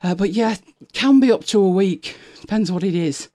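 A woman's voice: medium pitch, animated, normal speed, dark tone. Chatty woman on a home live stream, laughs a lot, goes all sing-song for the dog. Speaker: vlogger. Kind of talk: casual live-stream chat.

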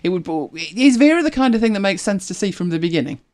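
Host, casual chat to viewers, animated pitch, chatty and self-correcting. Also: fast talker. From United Kingdom. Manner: chatty, rambling, self-correcting, laughs often. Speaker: livestream host.

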